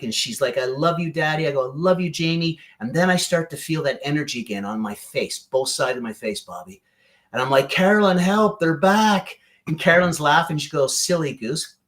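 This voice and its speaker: A man, a podcast guest, telling a personal story in an animated way and often addressing the host by name. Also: on the high side, fairly quick. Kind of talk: emotional storytelling.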